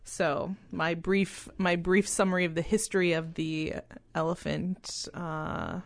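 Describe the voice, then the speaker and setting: Casting: low-voiced woman co-host, plain explanatory tone, dry sound. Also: fairly even intonation, a little slow, dry recording. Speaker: podcast co-host. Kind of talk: casual chat with history asides.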